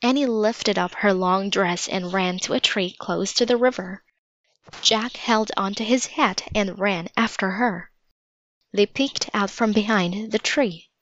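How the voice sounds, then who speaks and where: A woman reading a children's storybook aloud in steady, measured narration. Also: mid-range voice, dry recording. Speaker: storybook reader. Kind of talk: children's book read-aloud. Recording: dull lo-fi recording.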